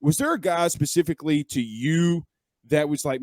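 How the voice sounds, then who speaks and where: Chatty sports host, dry close sound. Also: male voice, a little high, moderate pace, darkish tone, no room sound. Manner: chatty, rambling questions with fillers. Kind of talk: casual interview.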